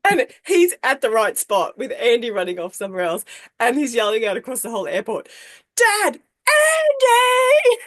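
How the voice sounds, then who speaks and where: A woman telling a story on a podcast, animated and acting out the people she quotes. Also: brisk, no echo. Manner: animated, acts out quoted people with big pitch jumps. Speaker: podcast co-host. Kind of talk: casual storytelling.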